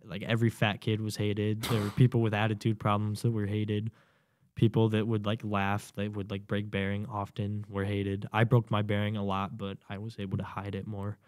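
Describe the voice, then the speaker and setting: A young man, a podcast guest and new Marine, telling a story in casual talk, swearing a lot and loudly acting out what people said. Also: on the low side, normal speed. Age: young adult. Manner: animated, swearing, acts out quotes loudly. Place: podcast studio.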